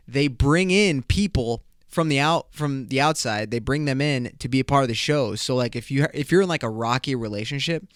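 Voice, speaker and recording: Young dude rambling on his podcast, cursing a lot, smooth clear voice, mid pitch. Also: no echo, studio quality. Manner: slangy and profane, laughing often. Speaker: podcast host. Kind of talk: casual solo podcast chat.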